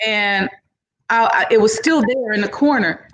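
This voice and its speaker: Lively woman telling a story. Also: mid-range voice, unhurried, slight background noise. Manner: animated, acts out other people's lines in the story; casual, informal phrasing. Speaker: entrepreneur guest. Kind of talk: casual storytelling in an interview.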